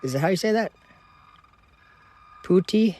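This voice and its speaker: This livestream host from Minnesota, USA, has a high, expressive voice with a dark tone and a slightly slow pace. He's outside at night, recording casually on his phone, chatting with his audience, reading their comments out loud, and laughing freely.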